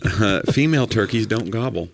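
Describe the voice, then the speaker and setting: Southern man, podcast co-host, lowish voice, dry close sound, jokey fact-reading. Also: animated, moderate pace, creaky, no room sound. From Knoxville, Tennessee. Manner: jokey, reads facts aloud with playful asides. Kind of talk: casual chat.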